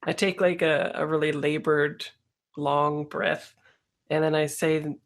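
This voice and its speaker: Hesitant player with a gravelly voice. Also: medium pitch, flat delivery, slow. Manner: hesitant, stammering. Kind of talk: in-character tabletop play.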